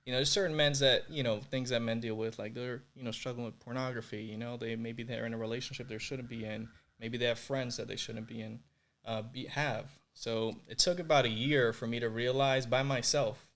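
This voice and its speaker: A man's voice: mid-range voice, steady tone, brisk, a bit bright. A young man from Puerto Rico telling his personal faith story as a podcast guest, earnest and emotional, full of "like" and "you know".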